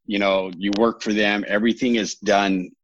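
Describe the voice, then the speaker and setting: A man's voice: fairly low pitch, flat delivery, moderate pace, lo-fi sound. A man in his thirties from California, a podcast guest telling his own story in a candid, rambling way, often correcting himself with a wry humor.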